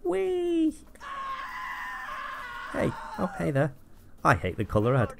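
A man giving crude, jokey let's-play commentary, swearing a lot and breaking into squeaky high outbursts. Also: big pitch swings, brisk, gravelly, fairly bright tone. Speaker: gamer.

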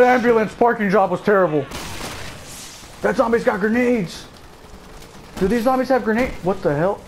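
A man's voice: sits high, moderate pace, pauses often, noisy background. A man giving casual let's play commentary, cracking sarcastic jokes as he plays. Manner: joking, sarcastic running commentary. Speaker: gameplay commentator.

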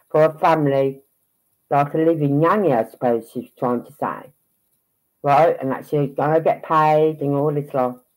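A man's voice: a little high, a little mellow, rough recording. A man hosting a casual livestream, rambling and stopping mid-thought while he sorts out his screen. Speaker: livestream host. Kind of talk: casual chat about a case.

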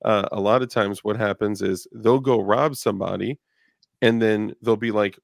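A man's voice: lowish voice, fairly even intonation, normal speed, vocal fry, no room sound, studio quality. A male podcast host in casual chat, rambling and joking about himself. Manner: rambling, self-deprecating, joking.

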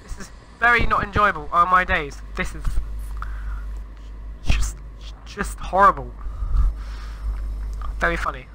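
A man's voice: sits high, measured pace, pauses often, sharp tone, a little hiss or hum, poor audio. A man commenting on Minecraft gameplay in a flustered, exclaiming and rambling way. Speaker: gamer.

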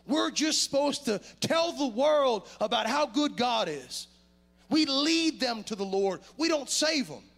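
Man, pastor, church sermon, gravelly, lively pitch swings, loud-then-quiet preaching. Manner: animated preaching with sudden loud rises and quiet drops. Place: church sanctuary.

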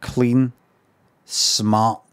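A man's voice: medium pitch, level tone, drawn-out words. A Scottish man streaming, making dry, mumbling asides as he browses photos. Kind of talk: casual commentary while browsing photos.

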